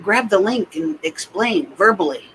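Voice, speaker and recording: A man's voice: high-pitched, animated, measured pace, pushed and bright, slight background noise, rough recording. A man co-hosting a casual chat, mostly chiming in with short agreeing remarks. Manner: brief agreeing interjections.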